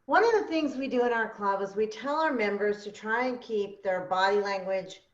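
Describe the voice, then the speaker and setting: A woman's voice: mid-range voice, normal speed. Woman asking on a roomy dull call. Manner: polite, describes gestures step by step. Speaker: club member asking a question. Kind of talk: online Q&A. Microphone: video call.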